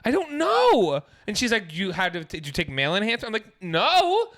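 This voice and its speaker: A man's voice: high-pitched, wildly swooping pitch, quick pace, fairly bright tone. A man co-hosting a podcast, telling a story dramatically and acting out every quote. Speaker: podcast co-host. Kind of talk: casual storytelling chat.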